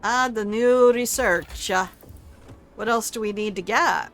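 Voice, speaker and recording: A woman's voice: a little high, unhurried, fairly bright tone, faint music behind. An older woman streaming a video game, chatting casually with viewers in a salty, teasing way and swearing freely. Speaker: gaming streamer. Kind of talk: casual gameplay commentary.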